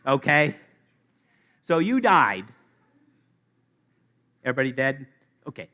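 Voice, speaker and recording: A man preaching a sermon to his congregation, playful and animated, speaking straight to the listeners. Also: mid-range voice, slow pace. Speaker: pastor. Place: church sanctuary.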